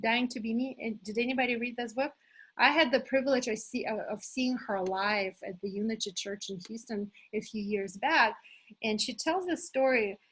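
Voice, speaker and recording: Husky, enthusiastic woman coaching a workshop. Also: on the high side, normal speed, rough recording. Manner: enthusiastic, animated, addresses listeners as "you guys", frequent "like" fillers. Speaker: manifestation coach hosting an online challenge. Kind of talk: live motivational workshop talk.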